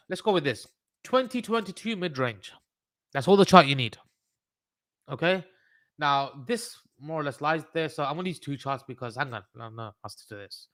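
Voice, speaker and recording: A man's voice: on the high side, animated, moderate pace, fairly bright tone, no echo, clean studio sound. A man with a Birmingham accent hosting a trading livestream, talking through charts in a rambling, casual way, swearing and joking with his chat. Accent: Birmingham English.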